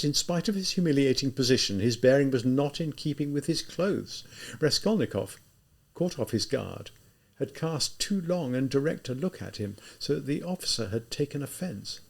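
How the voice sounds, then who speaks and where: A man with a mid-range voice and vocal fry narrates a classic novel as an audiobook, using an expressive storytelling style.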